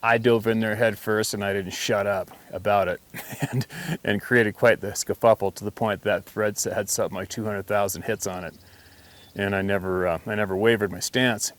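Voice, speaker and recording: A man's voice: on the low side, fairly even intonation, moderate pace. Blunt, emphatic man telling stories. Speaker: hunting channel host. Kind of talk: casual storytelling to camera.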